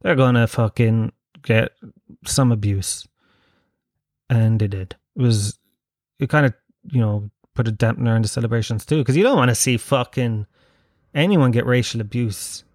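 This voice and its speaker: A man's voice: mid-range voice, moderate pace, a little mellow, no echo, studio quality. An Irish man hosting a show, riffing through a casual monologue of profane, joking, rambling banter. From Ireland.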